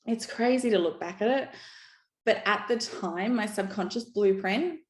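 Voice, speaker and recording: A woman's voice: medium pitch, lively intonation, normal speed. A woman in her thirties giving a frank, upbeat motivational talk on money as a coach. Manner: frank, upbeat, peppered with "right?". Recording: roomy echo.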